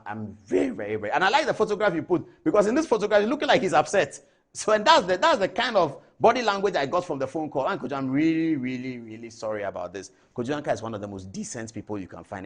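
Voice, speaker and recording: With a voice on the high side, a middle-aged TV host speaking Ghanaian English wanders chattily through his monologue, animated and full of digressions.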